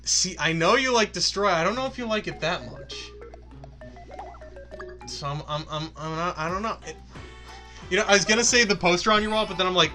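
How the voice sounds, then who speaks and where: A man co-hosting a gaming video, chatting casually with a quick laugh and stammering restarts. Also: sits high, bright, forceful tone, soft background music. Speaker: co-host of a gaming channel. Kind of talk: casual chat over gameplay.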